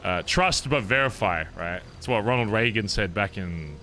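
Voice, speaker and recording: A young man telling an animated, profane story in character to other roleplay players. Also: lowish voice, normal speed, a little hiss or hum. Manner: animated, profane, rambling recounting. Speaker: roleplay streamer.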